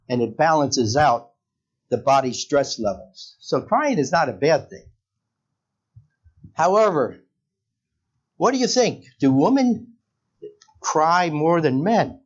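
Male pastor, sermon, lively pitch, slow delivery, questions to the congregation, dull lo-fi church recording. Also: breathy edge. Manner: conversational, asks the congregation questions.

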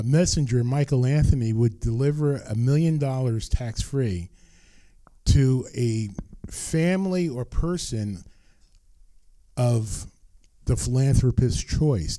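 An older man delivers a sermon as pastor, with slow, deliberate phrasing and frequent repetition for emphasis. His voice is very dark and mellow, at a middling pitch. The sound is close and dry. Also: dry recording. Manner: earnest, emphatic preaching with repeated phrases.

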